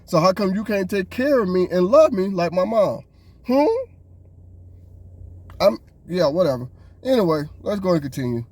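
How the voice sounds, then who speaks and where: A man's voice: high-pitched, expressive, normal speed, pauses often, darkish tone, no room sound. Fed-up podcast guy ranting, aave, voice jumps all over, dry close sound. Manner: exasperated, ranting. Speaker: podcast co-host. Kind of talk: casual reaction commentary.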